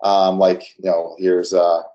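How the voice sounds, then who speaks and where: A man casually walking through a software demo on screen, halting often with restarts and fillers. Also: deep voice, monotone, dull audio. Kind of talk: casual screen-share walkthrough.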